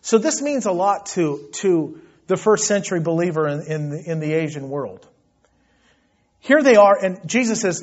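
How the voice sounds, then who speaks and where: A man preaching a sermon with passion, dropping to a hush and then rising loud and fervent. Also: sits high, sing-song, normal speed, lo-fi sound. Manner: impassioned, swings from hushed to loud. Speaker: pastor.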